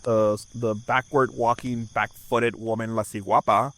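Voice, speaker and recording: A man's voice: mid-range voice, little pitch movement, measured pace, fairly bright tone, poor audio. A man co-hosting a comedic horror podcast, narrating folklore and teasing his co-host. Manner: playful, teasing, breaks into silly character voices.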